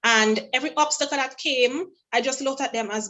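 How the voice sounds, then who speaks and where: A woman's voice: fairly high pitch, a little fast, few pauses, rough recording. A woman from St. Vincent and the Grenadines, a guest singer telling stories in a casual interview and acting out what others said. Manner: animated storyteller, acts out quoted dialogue.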